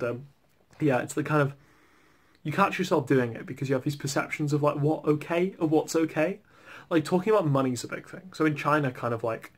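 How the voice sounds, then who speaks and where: A man's voice: mid-range voice, fairly bright tone. A young man with an English accent, chatting casually for his video in a rambling way, with "like" in nearly every phrase. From England. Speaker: vlogger. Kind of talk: casual chat.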